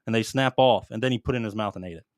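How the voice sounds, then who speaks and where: A man's voice: lowish voice, very fast, no room sound, clean studio sound. A man in his thirties, a podcast co-host and former Marine, telling rambling, profane war stories in casual chat.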